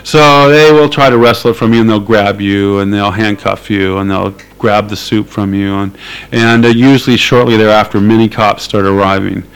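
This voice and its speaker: A man's voice: on the low side, steady tone, moderate pace, smooth, rough recording. A man being interviewed, talking casually and hesitantly with many fillers and dry laughs. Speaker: activist interviewee.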